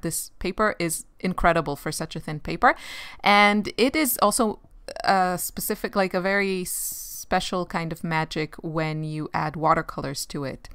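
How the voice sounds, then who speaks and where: A woman's voice: lowish voice, fairly bright tone, clear, resonant tone, no echo. Woman, art vlogger, casual chat, rambling with fillers, laughs a lot, dry close sound. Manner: chatty and rambling, many fillers, laughs often. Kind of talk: casual chat while sketching.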